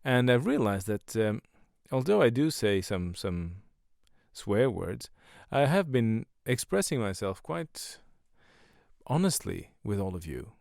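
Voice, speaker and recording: A man's voice: fairly low pitch, big pitch swings, takes it slowly, vocal fry, a little mellow, dry recording, studio quality. A man, a stand-up comedian and podcast host, talking in a rambling casual monologue full of swearing and self-mocking jokes.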